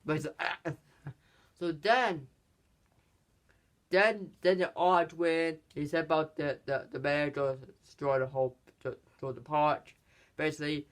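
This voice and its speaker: A man's voice: on the high side, steady tone, measured pace, long pauses. A man hosting a casual film review, rambling through the plot with many restarts. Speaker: channel host, film reviewer.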